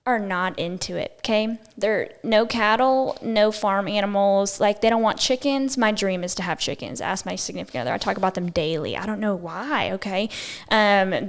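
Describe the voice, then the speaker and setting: A young woman with a twangy Texas accent, chatting as a podcast guest in a lively, talkative way. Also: medium pitch, clear, resonant tone. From Texas, USA. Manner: chatty and animated, says y'all and okay often. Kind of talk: casual interview chat.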